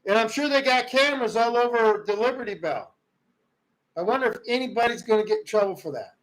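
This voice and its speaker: A man hosting a livestream, ranting about politics in a heated way, swinging from loud outbursts to low muttering. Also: animated, brisk, low-quality recording. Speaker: livestream host. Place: rural home.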